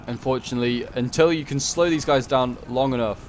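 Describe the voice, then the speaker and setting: Talking at a fairly quick clip in a mid-range voice, this man rambles casually through a strategy game battle, fixing his own slips and adding jokes along the way. There's slight background noise behind him.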